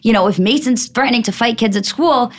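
A young woman co-hosting a podcast, chatting casually about a reality show and acting out the quotes. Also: a little high. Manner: quick, animated, acts out quotes. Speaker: podcast co-host.

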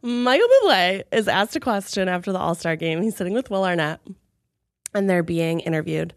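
A woman's voice: on the low side, brisk, no room sound, studio quality. A woman co-hosting a podcast in casual chat, gushing and upbeat. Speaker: podcast co-host.

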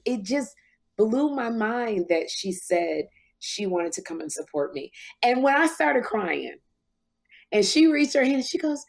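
This is a woman in her fifties hosting a talk show, and she tells her stories with a lot of feeling. Her pitch swings widely, and it leaps up whenever she acts out what someone said. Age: 50s. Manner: emotional, lively, big pitch jumps when quoting. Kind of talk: animated storytelling chat.

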